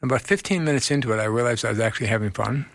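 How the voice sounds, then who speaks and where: A man speaking as a guest therapist in a radio interview, earnest and animated, laughing often as he tells stories. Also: mid-range voice, racing, gravelly, no room sound, studio quality.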